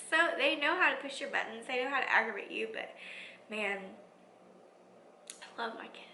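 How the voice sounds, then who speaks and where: A woman schoolteacher talking in a reflective vlog, soft and heartfelt, often dropping to a near whisper. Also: fairly high pitch, expressive, moderate pace, a little hiss or hum. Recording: echoey room.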